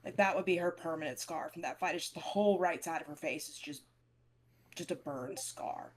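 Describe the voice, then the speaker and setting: A woman's voice: deep voice, a little fast. A woman chatting casually as a player in a tabletop game. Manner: casual, laughing easily.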